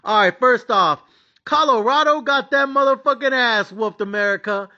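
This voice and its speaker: A rowdy man rants his way through a betting podcast, cursing freely and hyping himself up. His voice sits high with a sharp, bright edge. The recording sounds dull and lo-fi. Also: normal speed. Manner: boisterous, swearing, hyped-up. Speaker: sports betting podcast host. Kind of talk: casual profane podcast rant.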